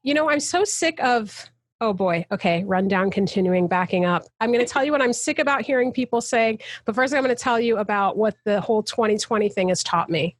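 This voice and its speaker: A woman's voice: mid-range voice, animated, fairly quick, dry recording, clean studio sound. A woman, a guest actor, talking passionately and emphatically in a casual interview over a video call. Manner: passionate, emphatic, soapbox ranting.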